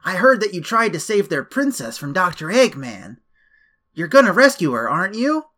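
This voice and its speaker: A man putting on a high, eager little fox sidekick from a game, earnest. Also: sing-song, normal speed, pushed and bright, exaggerated voice.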